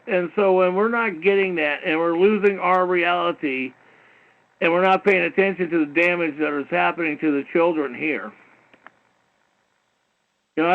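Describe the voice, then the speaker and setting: Man, high-pitched, talk show host, heated lecturing, rambling, swears, muffled lo-fi radio sound. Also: creaky. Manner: repetitive, peppered with "you know", swearing. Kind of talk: rambling call-in radio monologue. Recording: dull lo-fi internet radio stream.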